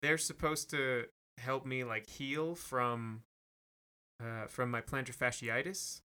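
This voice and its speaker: Rambling man, bright tone. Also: medium pitch, slow, clear, resonant tone. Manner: rambling, hesitant, many fillers and restarts. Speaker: podcast co-host. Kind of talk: casual chat.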